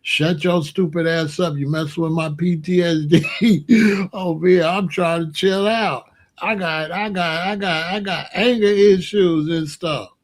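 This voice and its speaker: In an animated, unhurried way, a high-voiced man gives casual, mocking online commentary. He laughs often and keeps returning to the same catchphrase.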